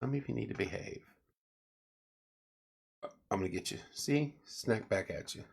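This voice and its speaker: Tired gravelly man chatting on a livestream. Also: on the low side, lively intonation, unhurried. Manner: joking, chatty, reads viewer comments aloud. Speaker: livestream host. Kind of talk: casual late-night livestream chat.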